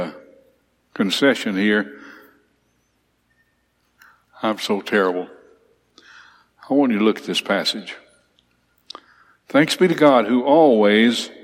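A man teaching a Bible class, reading verses aloud and explaining them with emphatic repetition. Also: medium pitch. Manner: emphatic, reads scripture aloud then explains it. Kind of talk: expository Bible class lecture. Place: church classroom with slides. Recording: long hall reverb.

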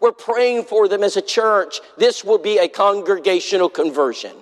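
A man preaching in a church, telling his story with lively, acted-out quotes. His voice sits a little on the high side for a man, and a long hall reverb trails after each phrase. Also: moderate pace. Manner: animated storytelling that acts out the people it quotes. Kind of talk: storytelling sermon. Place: church sanctuary.

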